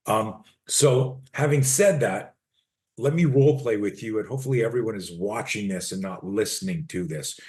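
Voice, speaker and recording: Speaking at a normal speed with a lowish, somewhat dark voice, this sixty-something personal defense coach is being interviewed. His delivery is blunt and emphatic, full of casual swearing, and he performs brief role-plays as he teaches.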